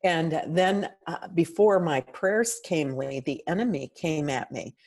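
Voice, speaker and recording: A woman's voice: low-pitched, unhurried, a little mellow. An older woman, a guest in an interview, telling an emotional personal story in an earnest way. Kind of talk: interview testimony.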